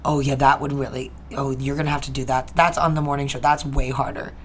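A woman's voice: rumbling low, level tone, fast talker, rough recording. A young American woman co-hosting a podcast, asking curious questions in a casual, laughing chat. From United States. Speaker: podcast co-host. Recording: faint background noise.

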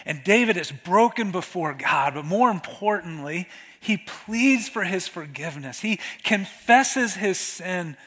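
High-voiced man preaching in a reverberant hall. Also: lively intonation, a bit bright. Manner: conversational preaching, slows for scripture reading. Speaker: pastor. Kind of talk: sermon.

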